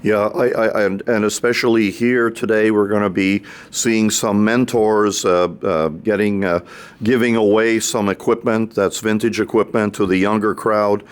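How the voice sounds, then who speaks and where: A man's voice: fairly low pitch, steady tone, moderate pace, clear, resonant tone. Chatty man reporting from a trade show. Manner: rambling, lots of uh and restarts, chummy. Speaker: roving show reporter and interviewer. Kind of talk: casual on-the-floor interview chat. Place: audio trade show floor.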